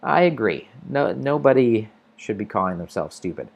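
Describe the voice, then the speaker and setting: A man's voice: fairly low pitch, very animated, moderate pace, gravelly, highs cut off. An American man hosting an English-learning livestream, casually answering viewer comments and thinking aloud with restarts. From United States.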